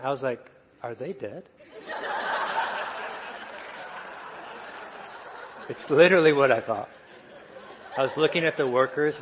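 Soft-spoken male preacher, mid-pitched, easy storytelling, reverberant church hall. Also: a little hiss or hum. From United States. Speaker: guest preacher. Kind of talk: sermon storytelling.

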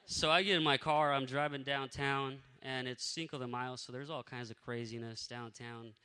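A man telling a faith testimony in a lively, casual way, acting out what people said. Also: medium pitch, normal speed, clean tone, in a large hall. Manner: energetic, animated storyteller who acts out what people said. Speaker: speaker sharing a faith testimony.

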